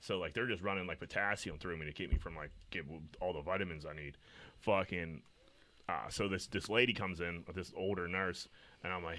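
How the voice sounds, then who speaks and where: Low, bright-voiced man telling hospital stories. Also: fairly even intonation, brisk. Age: 30s. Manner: rambling, swears a lot, acts out voices in stories. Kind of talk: casual profane chat.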